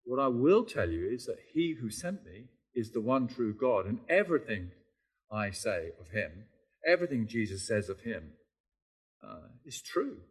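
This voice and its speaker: Preacher speaking as a calm authoritative teacher, firm, declarative, measured. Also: male voice, lowish voice, husky, exaggerated voice. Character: calm authoritative male teacher answering critics.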